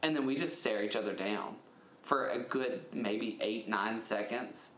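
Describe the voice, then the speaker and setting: A man in his thirties telling a story in a casual chat, animated and laughing often, his pitch jumping up when he retells things. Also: unhurried. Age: 30s. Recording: echoey room with faint noise.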